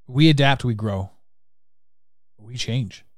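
A man's voice: mid-range voice, slow pace, no echo, clean studio sound. A man hosting a podcast, giving a frank, earnest motivational monologue and swearing casually. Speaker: podcast host.

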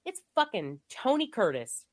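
A podcast co-host recovering from illness rambles through casual movie talk, full of fillers and frequent laughter. Her mid-range voice is very animated, and she keeps a moderate pace.

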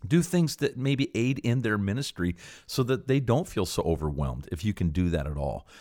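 Man, middle-aged, very low voice, earnest encouraging podcast host, filler-heavy casual talk. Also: lively intonation, moderate pace, warm tone, no room sound, clean studio sound.

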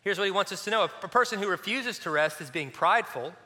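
A man preaching a sermon as a pastor, animated and storytelling, who drops at times to a soft, near-hushed voice. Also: high voice, fast, long reverb tail.

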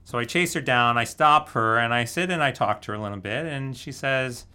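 A man's voice: medium pitch, fairly quick, few pauses, pushed and bright, clean tone. A man casually telling a story, laughing often as he goes. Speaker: guest telling a dating story. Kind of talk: casual anecdote.

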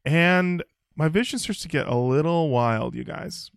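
A man hosting a podcast, telling stories in a jokey, animated way. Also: a little high, a little slow, vocal fry, clear, resonant tone, dry recording, clean studio sound. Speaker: podcast host. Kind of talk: casual podcast chat and storytelling.

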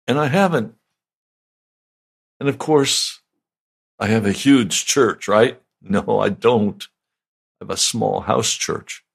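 An older man, a pastor, giving a slow, deliberate, conversational sermon. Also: on the low side, vocal fry, husky.

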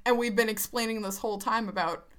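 A woman's voice: on the high side, steady tone, fast, fairly bright tone, clear, resonant tone. A woman co-hosting a podcast, chatting frankly and laughing often. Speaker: podcast co-host. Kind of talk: casual chat.

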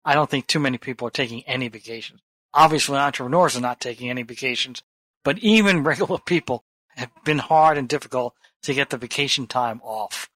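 Bright, teasing male podcast host. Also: medium pitch, fairly quick, no room sound. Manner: teasing, wisecracking. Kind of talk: casual chat.

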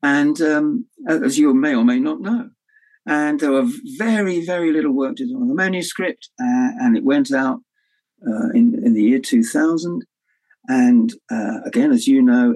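An older man telling stories as an interview guest, his voice sitting at an ordinary middle pitch. He animates his tales by slipping into the voices of the people he quotes, salting them with the odd swear word and laugh. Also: a little mellow, rough recording. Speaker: author guest. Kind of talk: anecdotal storytelling.

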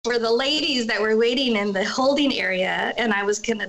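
Middle-aged woman, kinda high bright voice, telling her own story all emotional, acts out the quotes. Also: a little fast, poor audio. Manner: candid, emotional retelling, acting out quoted speech. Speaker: guest sharing her story. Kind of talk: personal storytelling.

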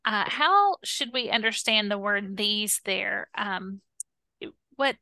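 Woman, bright forceful tone, dry close sound, reflective co-host posing guiding questions. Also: mid-range voice, takes it slowly, vocal fry, no room sound. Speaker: Bible study co-host. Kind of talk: conversational Bible study discussion.

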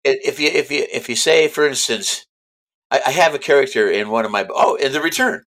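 A man in an interview who talks at an even middle pitch. He is chatty and emphatic and keeps circling back to restate his points. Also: a little fast. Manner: chatty, emphatic, repeats himself. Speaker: author guest. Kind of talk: casual interview chat.

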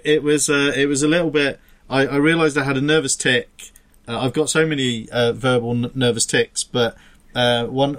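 A man's voice: medium pitch, fairly bright tone. A man co-hosting a podcast, rambling and self-deprecating as he chats. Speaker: podcast co-host. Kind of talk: casual chat.

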